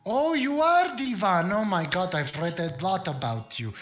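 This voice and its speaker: A fretful, gushing lich who stammers through endless apologies, put on by a man. The voice has a bright, forceful edge and sits a touch high. Faint music plays behind him. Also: expressive, moderate pace. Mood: gushing polite. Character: flustered apologetic male lich in human form.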